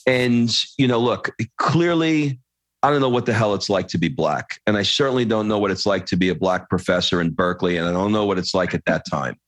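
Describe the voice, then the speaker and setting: A man hosting a podcast interview, reading a story aloud and then talking in a lively, casual way, swearing now and then. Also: fairly low pitch, no echo. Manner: animated, swears casually, quick asides. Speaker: podcast host.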